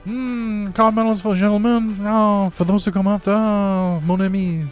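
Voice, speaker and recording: A theatrical mock-French gentleman, as a gamer puts him on, pitched far above a normal speaking voice and loud. He stretches his words out in a flowery, sing-song drawl. His exaggerated accent is full of breathy sighs. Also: level tone, moderate pace, faint music behind, close to an everyday voice. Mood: mock grandeur.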